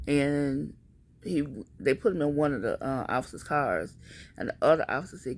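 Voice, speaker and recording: A woman telling a personal story in a casual, animated and emphatic vlog style. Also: low voice, normal speed.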